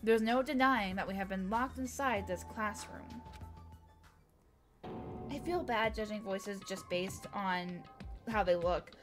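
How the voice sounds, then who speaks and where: A woman streaming a game, reading it aloud and joking, animated and swearing at times. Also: mid-range voice, a little slow, pauses often, over music. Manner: animated, jokey, swears and laughs often. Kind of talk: live game playthrough with voice acting.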